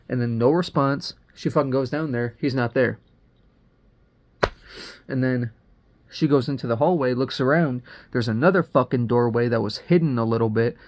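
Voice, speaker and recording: A man's voice: mid-range voice, moderate pace, a little mellow. A young man recapping a movie for his channel in a rambling, slangy, profane way, full of fillers and restarts. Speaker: movie reviewer. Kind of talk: casual spoiler recap.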